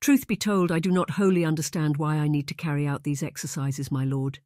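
A man's voice: fairly high pitch, steady tone, brisk, a little mellow, dry recording, studio quality, lightly acted. A man voicing a young destitute woman training as a governess, speaking politely and deferentially with a slightly shaky voice. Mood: troubled. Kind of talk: audiobook character voice.

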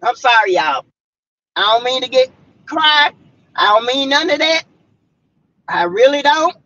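A woman from South Carolina preaches and rants hard at her viewers from inside her car, fiery and blunt. Her voice sits high and swings widely up and down. The sound is dull and lo-fi, with a dry, close feel. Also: expressive, unhurried, sharp tone. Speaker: vlogger. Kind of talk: heated rant to viewers.

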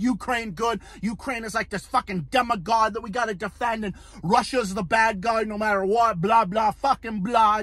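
Angry, profane high-voiced man ranting. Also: a bit bright, dry recording. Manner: heated, profane, repeats himself. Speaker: political commentary host. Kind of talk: angry solo political rant.

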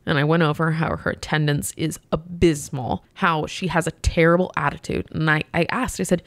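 Lowish-voiced woman telling work stories. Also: brisk, hardly any pauses, no room sound. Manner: animated retelling, quoting others, frequent laughs. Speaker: podcast co-host, hotel manager. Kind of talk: casual storytelling chat.

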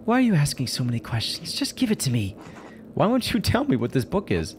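A man's voice: fairly high pitch, huge pitch swings, brisk, a little hiss or hum, pitched above the performer's own voice. A man voicing a curious, eager young male artist in a story game. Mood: pushy.

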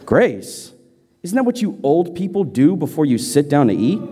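A man's voice: fairly high pitch, big pitch swings, moderate pace, dark tone, a little hiss or hum, voice pushed down. A man voicing a defiant young schoolboy who sneers and talks tough before breaking down in tears. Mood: sneering. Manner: sneering and cocky, later pleading in tears. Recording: reverberant church hall.

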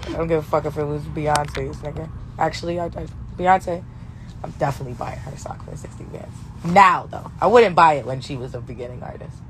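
A hoarse young woman in her twenties who has lost her voice, chatting brashly and profanely on a phone live stream from a tour bus bedroom, laughing often. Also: low-pitched, brisk, slight background noise. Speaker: livestream host. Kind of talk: casual live Q&A chat. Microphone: phone held for a social-media live stream.

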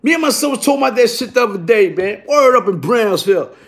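A man telling a rough, profane story in a casual, animated way, punctuated by "you heard?". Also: high voice, fast talker. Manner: animated, repeats "you heard?", bursts into shouting.

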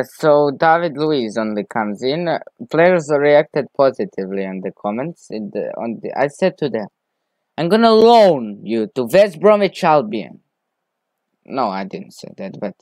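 A man talking over his football management game, reacting to each chance and shouting player names when his team scores. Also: medium pitch, unhurried, no room sound. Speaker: gaming video creator.

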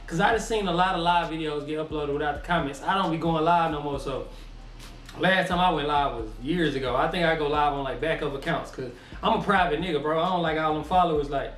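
A man hosting a reaction video, chatting casually and laughing with excitement. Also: a little high, quick pace. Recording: echoey room.

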